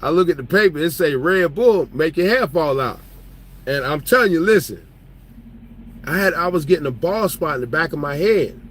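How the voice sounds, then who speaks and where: A man's voice: fairly high pitch, animated, normal speed, a bit bright, rough recording. A man who drives trucks, telling stories in loose casual chat, joking and laughing as he talks. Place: truck cab.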